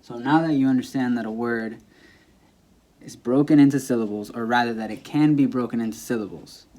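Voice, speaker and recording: A man's voice: mid-range voice, a little fast, dark tone. A young man teaching a casual lesson, repeating example words with shifted stress and correcting himself as he goes, recorded on a camera mic without a clip mic. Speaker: Spanish teacher.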